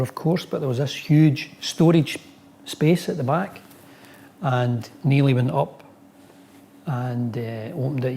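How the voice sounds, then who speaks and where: A former footballer telling dressing-room anecdotes in an interview. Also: male voice, medium pitch, dark tone, slight background noise. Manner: storytelling, acts out quotes.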